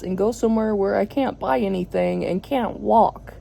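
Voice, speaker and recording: A woman's voice: a little high, fairly even intonation, normal speed, vocal fry, few pauses, mellow, a little hiss or hum, low-quality recording. A woman vlogging from home into her phone, giving a rambling, frank update to her viewers with lots of fillers and dry sarcasm. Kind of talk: casual venting update to viewers. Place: at home, indoors.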